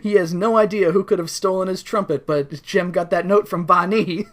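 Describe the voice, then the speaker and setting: Laughing, low-pitched podcast woman. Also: normal speed. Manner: laughs often, acts out characters' lines. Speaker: podcast co-host. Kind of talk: casual chat recapping a cartoon.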